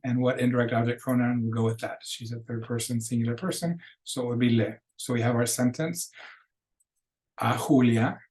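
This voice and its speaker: A middle-aged man teaching a Spanish lesson in a recorded lecture, explaining patiently and slowing down to model Spanish phrases. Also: medium pitch, steady tone, darkish tone, poor audio.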